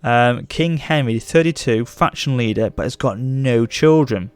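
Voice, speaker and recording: An excitable young man talks through his strategy game, often bursting into delighted praise. His voice sits at an ordinary middle pitch. The sound is close and dry, with no room echo. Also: measured pace, smooth. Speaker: let's play host. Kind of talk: gameplay commentary.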